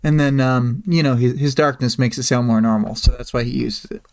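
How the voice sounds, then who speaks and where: Smooth-voiced rambling stream host. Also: mid-range voice, steady tone, brisk, darkish tone. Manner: rambling, hesitant, summarizing. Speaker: livestream host. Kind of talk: casual chapter discussion.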